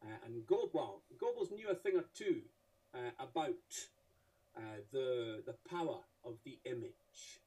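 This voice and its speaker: A man's voice: mid-range voice, animated, measured pace, mellow, breathy edge, far from the mic, rough recording. A man giving a humorous illustrated talk to an audience, with wry, theatrical asides. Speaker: speaker presenting cartoons to an audience.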